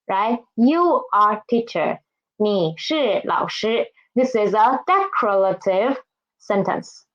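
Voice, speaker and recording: A woman's voice: medium pitch, very animated, slow pace. A woman teaching a beginner language lesson, speaking patiently and repeating each word so that learners can follow. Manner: patient, repeats words and asks "right?". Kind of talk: slow, careful classroom instruction. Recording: dull, lo-fi recording.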